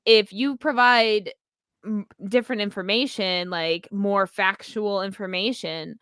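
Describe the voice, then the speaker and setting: A woman's voice: medium pitch, steady tone, unhurried, a bit bright, smooth, dry recording, studio quality. A woman co-hosting a podcast in casual chat, laying out her opinions and theories. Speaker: podcast co-host.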